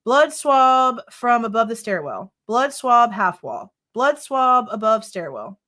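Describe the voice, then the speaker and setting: A woman's voice: fairly high pitch, big pitch swings, slow pace, a bit bright. Exasperated woman ranting on a livestream. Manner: exasperated, ranting, swears freely. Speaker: true crime livestream host. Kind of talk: live reaction stream, reading court documents.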